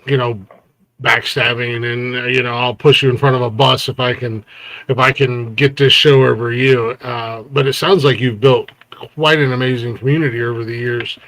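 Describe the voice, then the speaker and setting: A man's voice: mid-range voice, steady tone, moderate pace, fairly bright tone, no room sound, poor audio. A man hosting a casual interview, easygoing and full of fillers. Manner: easygoing, filler-heavy, supportive. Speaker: talk show host.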